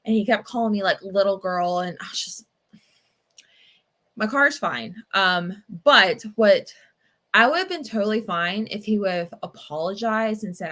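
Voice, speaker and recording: A woman's voice: mid-range voice, expressive, normal speed, a bit bright. A young adult woman hosting a casual livestream, chatting and telling stories in a rambling way with many fillers. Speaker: livestream book-club host. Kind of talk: casual livestream chat and storytelling.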